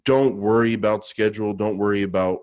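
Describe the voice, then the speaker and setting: A man's voice: lowish voice, fairly even intonation, brisk, a little mellow. A man co-hosting a podcast, chatting casually in a jokey, self-assured way with loose restarts. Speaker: podcast co-host.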